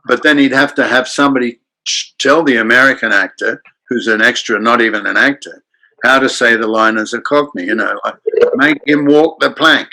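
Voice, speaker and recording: An older man from Australia, a guest actor telling anecdotes in an animated way and acting out the voices in his stories. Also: medium pitch, a little fast, low-quality recording. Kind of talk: anecdotal storytelling in a chat.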